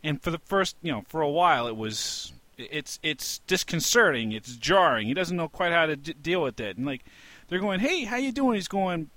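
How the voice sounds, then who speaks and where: A man from New York City co-hosting a casual podcast chat, telling stories in a rambling, animated way with plenty of swearing and laughter. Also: on the high side, moderate pace, no echo. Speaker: podcast co-host.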